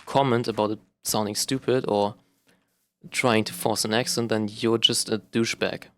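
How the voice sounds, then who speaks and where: A man's voice: lowish voice, fairly even intonation, normal speed. A young man from Germany, a native German speaker, talking in a rambling, self-conscious vlog monologue full of fillers and restarts. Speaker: vlogger. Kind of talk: casual monologue to camera.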